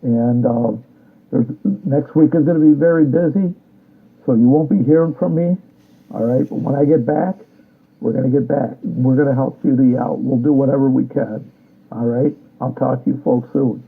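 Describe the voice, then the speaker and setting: A man's voice: medium pitch, moderate pace, vocal fry, slightly rough. A man delivering a combative, repetitive political rant, often ending his sentences with a challenging "all right?". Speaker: political commentator. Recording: tinny phone-like sound.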